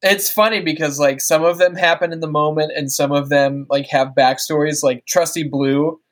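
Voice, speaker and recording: A man's voice: fairly high pitch, steady tone, moderate pace. A man talking as a guest on a podcast, telling stories casually, swearing and laughing easily. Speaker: podcast guest and wrestling-game streamer.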